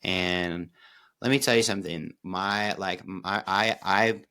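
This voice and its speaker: A man's voice: deep voice, fairly even intonation, a little slow, bright, forceful tone, smooth. A man from Oregon co-hosting a podcast, telling a personal story in a rambling, profane way with many fillers and restarts. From Oregon, USA. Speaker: podcast co-host.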